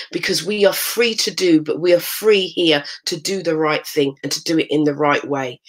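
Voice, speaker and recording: Earnest woman host with a lowish voice. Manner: earnest, repetitive, emphatic encouragement. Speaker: host of a morning inspiration show. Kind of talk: motivational live-stream talk.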